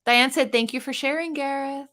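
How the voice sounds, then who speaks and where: A woman hosting a casual book livestream, reading viewer comments aloud with quick, bubbly reactions. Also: high voice, fairly even intonation, crowd noise. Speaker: book channel host.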